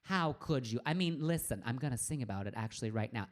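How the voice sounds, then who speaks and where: A woman's voice: rumbling low, lively intonation, quick pace, few pauses. A middle-aged woman, a singer hosting her own live stream, chatting in a bubbly, campy way and greeting viewers by name from a room at home. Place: home room with a green screen.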